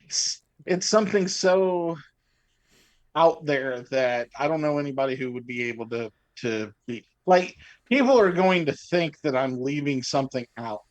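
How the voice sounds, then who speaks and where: Higher-voiced deadpan comedy writer. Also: male voice, moderate pace. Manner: deadpan, blunt one-liners. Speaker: podcast guest, comedy writer. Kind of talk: casual comedy podcast chat.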